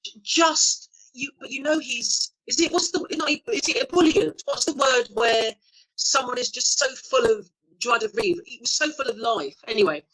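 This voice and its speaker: A woman in her fifties tells bawdy anecdotes as the guest of an interview. Her voice sits a little high, and she talks in a loose, chatty way, laughing often. She is a frank storyteller. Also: moderate pace, a bit bright, rough recording. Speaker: actress guest.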